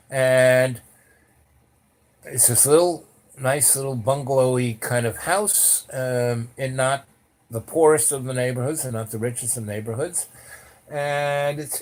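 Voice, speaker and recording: A man telling a personal story in a casual, rambling way, full of "you know" and "like" fillers. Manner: lively shifts in pitch and loudness while telling. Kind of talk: casual spoken anecdote.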